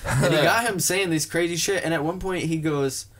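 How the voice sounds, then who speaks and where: A man's voice: a little high, moderate pace. A man co-hosting a casual podcast, retelling stories with lots of swearing and acted-out quotes. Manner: animated storyteller, swears freely, acts out quotes. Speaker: podcast co-host.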